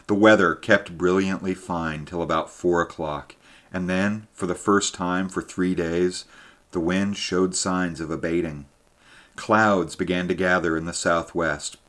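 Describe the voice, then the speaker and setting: A man narrating a story in a measured storytelling manner. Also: sits low, a bit bright. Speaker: audiobook narrator. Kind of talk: scripted narration.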